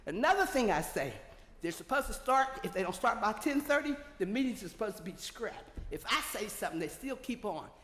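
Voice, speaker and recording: A woman's voice: mid-range voice, very animated, fairly quick, fairly bright tone. An older woman giving an emphatic, rambling public comment at a podium microphone in a large council chamber. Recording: echoey hall.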